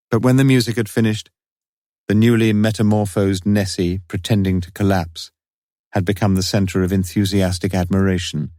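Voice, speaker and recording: Low-voiced male audiobook narrator. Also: a little mellow, dry recording, clean studio sound.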